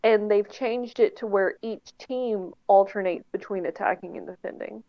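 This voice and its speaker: A woman co-hosting a podcast in casual chat, explaining things at length in a relaxed, self-deprecating way. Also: mid-range voice, normal speed, dry recording, dull audio. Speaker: podcast co-host.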